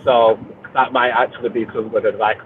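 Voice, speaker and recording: A man's voice: medium pitch, level tone, a little fast, slight background noise. Man chatting over a tinny phone line. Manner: rambling, with many fillers and restarts. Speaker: reef-keeping chat participant. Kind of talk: casual chat. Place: car.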